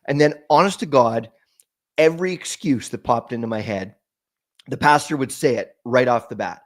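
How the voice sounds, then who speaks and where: This podcast guest, a man with a mid-range voice, shares a moving story from his own life. His speech stumbles, with many restarts and repeated words.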